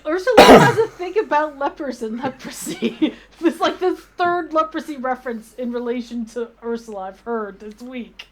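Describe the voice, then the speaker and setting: A woman co-hosting a stream, chiming in with quick, playful remarks. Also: high voice, expressive. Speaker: co-host. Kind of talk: casual chat. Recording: loud noisy background hiss.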